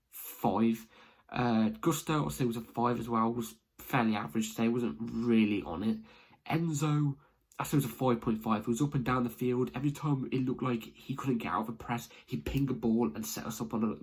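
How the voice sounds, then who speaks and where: This is a young man reacting to a match from his home. His voice is a bit husky and sits at an ordinary pitch. He talks in an excitable, rambling way and often restarts his sentences. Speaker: football fan vlogger.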